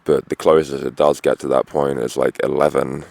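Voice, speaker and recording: A man's voice: a bass voice, little pitch movement, moderate pace, vocal fry, darkish tone, dry recording. A tired, dehydrated man rambling outdoors at a roadside camp, full of fillers and swearing. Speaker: vlogger on a long walk. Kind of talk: rambling casual monologue.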